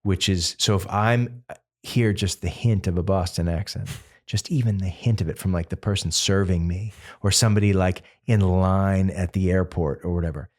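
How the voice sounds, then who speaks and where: A man's voice: sits low, moderate pace. A man in his fifties from Massachusetts, a singer-songwriter telling stories in a loose, rambling way with lots of fillers. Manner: rambling, animated storytelling full of fillers. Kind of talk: casual interview chat.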